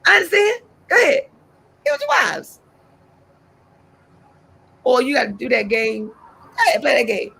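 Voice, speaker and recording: A woman with a gravelly, slightly husky voice hosts a talk show like she is preaching. She is animated and her voice leaps upward whenever she exhorts the listener. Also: moderate pace, pauses often. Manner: animated, preachy, swoops up high when exhorting.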